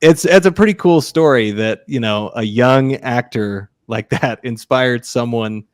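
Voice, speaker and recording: A man co-hosting a podcast, enthusiastic about a film and quick to agree with his co-host. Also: medium pitch, no room sound, studio quality. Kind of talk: casual film discussion.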